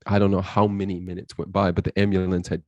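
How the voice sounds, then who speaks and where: A man's voice: low-pitched, flat delivery, fast, no room sound, dull audio. A man telling an intense personal story as a podcast guest, acting out his inner voice and other people as he goes.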